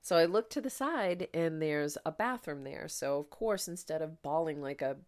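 A woman with a low voice tells a personal story on her podcast. She talks candidly and emotionally, in a chatty flow with plenty of fillers. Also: normal speed, darkish tone. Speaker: podcast host.

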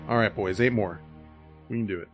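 A man's voice: lowish voice, brisk, soft background music. A man bantering on a casual podcast, joking and swearing as he guesses quiz answers.

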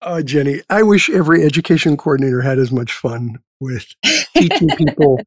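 A man's voice: on the high side, a little fast, no echo, clean studio sound. A man hosting a podcast interview, encouraging his guest with some hesitant fillers. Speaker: podcast host. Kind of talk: interview, conversational.

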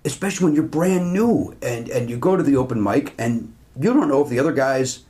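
A man in his fifties, a comedian guest, talking in a fast, animated, run-on way on a podcast. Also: medium pitch. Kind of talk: casual podcast chat.

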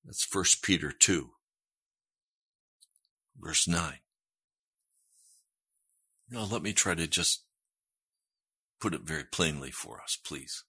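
A man's voice: a bass voice, slow pace, pauses often, bright, forceful tone, breathy edge. A man preaching a sermon as a pastor, earnest and emphatic, pressing his points hard.

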